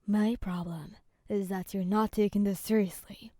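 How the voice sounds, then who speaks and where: A woman voicing a hot-headed young male hero trainee in a fan audio story, snapping harshly and louder than her narration. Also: medium pitch, steady tone, moderate pace, dry recording, studio quality, close to an everyday voice. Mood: angry yelling.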